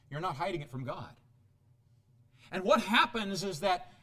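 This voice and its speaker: A middle-aged man preaching a sermon, animated, with sudden loud outbursts and quiet asides. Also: high voice, moderate pace. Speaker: pastor.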